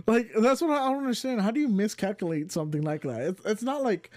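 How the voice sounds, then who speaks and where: Higher-voiced incredulous podcast host. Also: male voice, lively intonation, brisk, darkish tone. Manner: incredulous, swearing. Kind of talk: casual chat.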